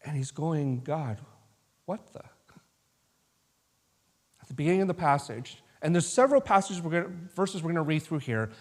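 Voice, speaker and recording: A man's voice: on the high side, lively intonation, quick pace. A man leading a Bible study as pastor, talking through the passage in a loose, casual way with restarts and asides. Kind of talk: informal sermon. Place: church sanctuary.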